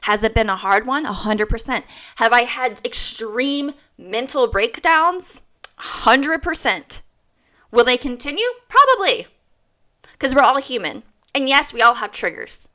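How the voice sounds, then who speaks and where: A woman's voice: fairly high pitch, measured pace, sharp tone. A woman in her thirties giving a blunt, emphatic motivational monologue, swearing freely and repeating her points for weight. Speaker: host.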